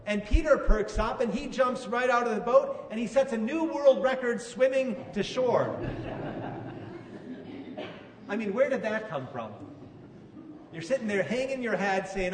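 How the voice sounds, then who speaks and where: A man's voice: high voice, expressive, normal speed, a little hiss or hum. A man preaching a sermon in a conversational way, asking his listeners questions. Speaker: pastor. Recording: echoey hall from far off, faint ambience.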